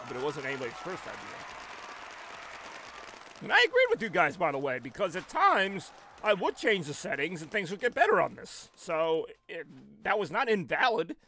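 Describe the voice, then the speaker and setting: A man live-streaming from his home setup on a headset, chatting casually and rambling in an animated way, with a tone that sounds angry even when he is not. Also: fairly high pitch, brisk, a faint crowd, slight background noise.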